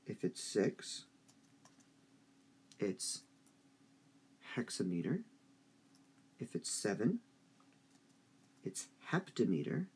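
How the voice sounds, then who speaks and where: A man teaching a high school English review lesson, speaking slowly and deliberately and drawing out stressed syllables. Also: very animated, darkish tone, a little hiss or hum.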